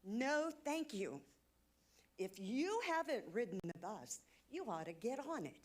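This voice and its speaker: A woman's voice: mid-range voice, very animated, normal speed. A woman giving an emotional, indignant public comment at a city council meeting. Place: council chamber.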